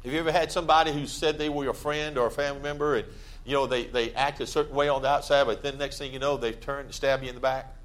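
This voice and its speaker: A man preaching a sermon in a church, conversational and plain-spoken, with sudden loud emphatic bursts. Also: medium pitch, steady tone, fast talker. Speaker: pastor.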